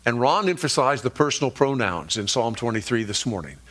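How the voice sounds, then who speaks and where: A pastor preaching a sermon, telling stories and slowing down to stress key words and scripture. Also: male voice, mid-range voice, animated, fairly bright tone. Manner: storytelling, slows down for emphasis on key words.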